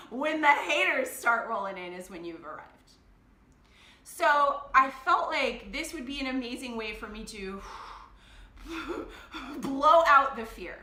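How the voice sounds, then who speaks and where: A woman's voice: fairly high pitch, pushed and bright. A woman life coach talking candidly to her device, emotional and blunt, often laughing as she speaks. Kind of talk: candid confessional vlog. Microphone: phone or camera device. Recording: roomy echo.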